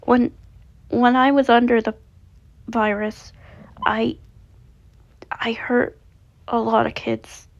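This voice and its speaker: A gentle male animatronic caretaker, read by a woman in a slightly raised, gravelly voice. He speaks softly and hesitantly, often stammering. The storybook reading sounds dull and lo-fi. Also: fairly high pitch, level tone, slow, long pauses. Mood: remorseful. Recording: dull lo-fi recording.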